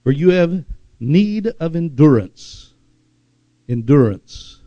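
A man preaching a sermon, with dramatic pauses and drawn-out words for emphasis. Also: a little high, expressive, warm tone, no echo, highs cut off. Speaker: pastor.

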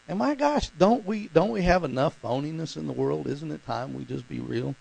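A man's voice: fairly high pitch, animated, normal speed, creaky, few pauses, darkish tone, rough recording. A man preaching a conversational sermon as pastor, talking informally and putting questions to his congregation.

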